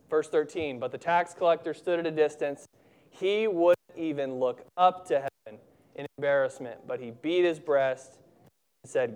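A man preaches a sermon in a slightly high, smooth and clear voice. He is earnest and emphatic. He slows right down to press home the words that matter. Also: darkish tone.

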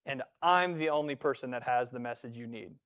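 A man's voice: medium pitch, brisk, a bit bright. A man preaching a sermon in a conversational way, often restarting words and acting out quoted voices. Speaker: pastor.

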